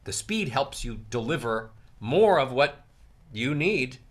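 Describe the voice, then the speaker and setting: A male speaking coach teaching delivery, who shows emphasis by swinging his pitch and volume widely. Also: big pitch swings, takes it slowly. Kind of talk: instructional talk to camera.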